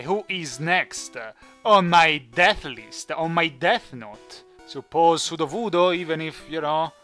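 A man's voice: fairly high pitch, sharp tone. A man who is not a native English speaker, chatting and joking through his let's play. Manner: chatty, jokey, thinks aloud. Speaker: gaming channel host.

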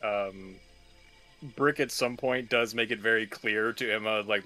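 Man, tabletop player, very bright tense voice, flat delivery, faint music behind. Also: on the low side, a little slow. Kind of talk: playing a tabletop game.

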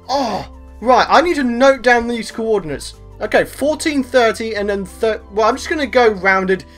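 A jumpy, excitable man with a British accent commentating his own gameplay. He talks to himself, loops the same words again and again, and lets out mild swears. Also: extremely high pitch. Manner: excitable, repeats phrases over and over. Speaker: gaming video host. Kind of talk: let's play commentary.

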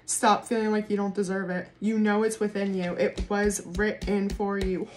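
A woman doing a casual tarot reading to camera, excitable, swearing freely and laughing often. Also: medium pitch, moderate pace, few pauses, a little hiss or hum. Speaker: tarot reader.

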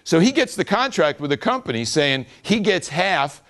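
A man's voice: a little high, big pitch swings, moderate pace, fairly bright tone. A man giving a casual, joking talk to an audience at an event, laughing along with them. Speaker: speaker at a business event.

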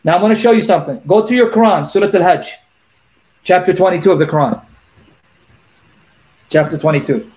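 Male call-in host, fairly high voice, insistent, drills each verse slowly. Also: a little mellow. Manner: emphatic, repeats references, reads verses slowly. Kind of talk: call-in debate on scripture.

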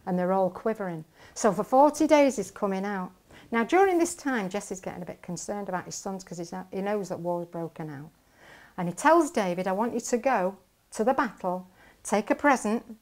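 A woman preacher, retelling a Bible story and acting out what its characters say. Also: a little high.

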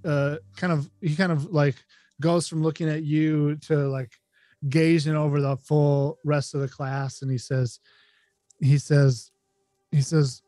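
A male game master narrating a tabletop game in a slow, halting way, with frequent restarts. His voice sits a little high for a man. The mic is close and dry, with faint music underneath. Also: little pitch movement, warm tone, dry recording. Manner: halting, many fillers and restarts.

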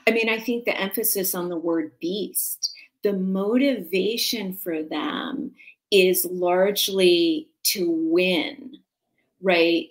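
A woman guest speaking in a casual interview, measured and explanatory, drawing comparisons to make her points. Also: on the low side, fairly even intonation. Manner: measured, explanatory, uses analogies. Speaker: guest and author.

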